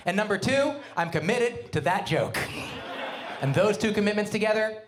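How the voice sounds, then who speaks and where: A middle-aged man doing a stand-up comedy set, animated, with quick asides and wordplay. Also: sits high. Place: comedy venue with live audience.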